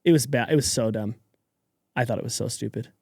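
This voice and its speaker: Mellow-voiced man co-hosting a podcast. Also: mid-range voice, a little fast, vocal fry, slightly rough, no echo, clean studio sound. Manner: opinionated, drops to quiet asides. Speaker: podcast co-host. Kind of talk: casual chat.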